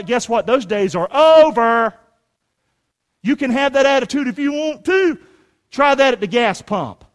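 In a church sanctuary, a pastor in his forties preaches with a very high voice at a moderate pace, animated and often shouting as he fires rhetorical questions at the congregation.

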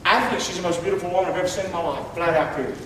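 A middle-aged male pastor preaching in a folksy, animated way, full of questions to the congregation. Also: high-pitched, rapid-fire, a little hiss or hum. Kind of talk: sermon. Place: church sanctuary. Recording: echoey hall from far off.

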